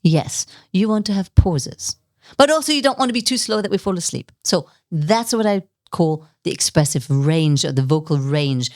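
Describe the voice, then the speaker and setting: Woman coach talking straight to camera, lower voice but swoops around a lot, dry close sound. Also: normal speed, dry recording. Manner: animated and expressive, playful asides with laughs. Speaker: leadership communication coach. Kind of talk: direct-to-camera teaching talk.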